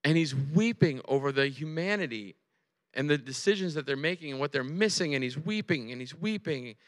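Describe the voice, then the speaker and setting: A man in his forties preaching a sermon in a large hall, conversational and animated, often checking in with his listeners. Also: a little high, brisk. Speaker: pastor. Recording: long hall reverb.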